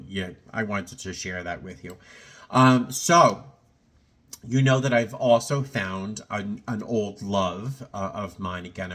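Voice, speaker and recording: In a casual personal vlog, a middle-aged man reflects aloud, his voice on the low side and a bit bright. He rambles with plenty of fillers and restarts, a little choked up as he speaks.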